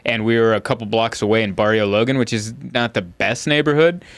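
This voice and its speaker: A man hosting a casual comedy podcast, telling stories and jumping into high acted quotes. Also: a little fast. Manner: animated storyteller, jumps high into acted quotes. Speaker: podcast host.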